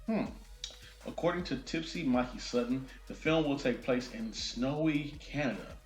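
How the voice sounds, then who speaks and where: A man hosting a casual movie news vlog, reading an article aloud and breaking off with excited asides. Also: mid-range voice, normal speed, faint music behind. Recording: roomy echo.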